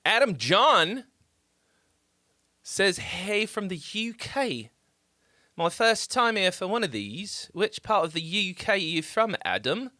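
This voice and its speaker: A man's voice: sits high, very animated, slow, sharp tone, dry recording, clean studio sound. A man hosting a casual live stream, reading out chat messages and joking around with loose, profane banter. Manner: reads chat messages aloud. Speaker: livestream host reviewing songs.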